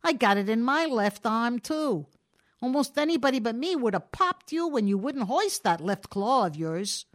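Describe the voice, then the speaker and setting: A woman's voice: a little high, very animated, normal speed, voice pushed up. A woman voicing an easygoing male burglar in an audiobook reading, talking in a casual, conversational, slangy way. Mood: folksy.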